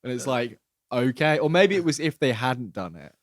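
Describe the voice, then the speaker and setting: A man's voice: medium pitch, moderate pace, no echo, studio quality. A man co-hosting a podcast, animatedly recapping a series and acting out quoted lines. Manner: animated, acts out quoted lines, swears freely. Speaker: podcast co-host. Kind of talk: casual chat recapping a series.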